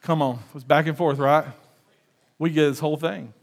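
A man preaching a sermon as pastor, animated, with shouted quotes and joking asides. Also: fairly high pitch, moderate pace, gravelly.

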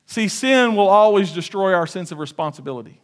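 Animated male pastor preaching. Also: high voice, a little fast. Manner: animated preaching with shouted quotes and asides. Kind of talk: sermon.

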